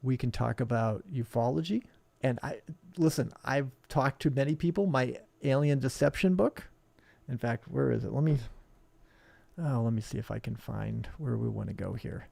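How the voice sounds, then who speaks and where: A man's voice: mid-range voice, normal speed, gravelly, mellow, no echo. A man who owns a hobby shop, talking bluntly and combatively in a rambling live stream. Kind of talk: live-streamed casual talk.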